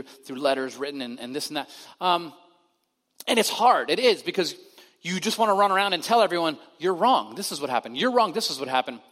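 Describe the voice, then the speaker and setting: A man preaching a sermon in a conversational way, his voice rising to loud emphasis and then dropping to a hushed quiet. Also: high-pitched. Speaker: pastor. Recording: long hall reverb.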